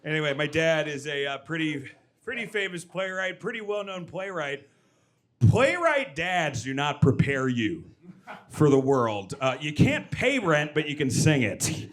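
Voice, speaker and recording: Stand-up comic, male, slightly high pitch, lively storytelling with loud bursts into character voices. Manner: energetic, with loud shouted impressions and quick asides. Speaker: stand-up comedian. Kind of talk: stand-up comedy set. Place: comedy club stage with audience laughter.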